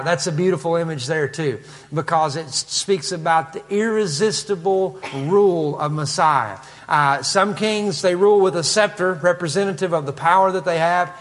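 A man's voice: a little high, fairly bright tone, big-room sound. A man with a Kentucky accent preaching a conversational expository sermon, with asides and frequent fillers. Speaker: pastor.

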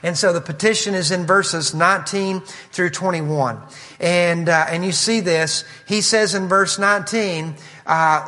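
A man's voice: high-pitched, unhurried, pushed and bright. A man preaching an expository sermon, reading scripture quotes in an earnest, emphatic way. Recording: long hall reverb.

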